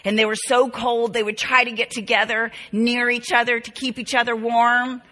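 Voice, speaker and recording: A woman's voice: a little high, flat delivery, moderate pace, pushed and bright. A middle-aged woman teaching a Bible class to women, earnest and tender, repeating key phrases to drive them home. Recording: reverberant hall.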